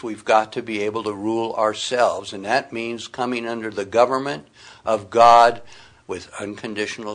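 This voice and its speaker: A man's voice: on the low side, fairly bright tone. A middle-aged man preaching a sermon, reading scripture aloud and speaking with earnest emphasis.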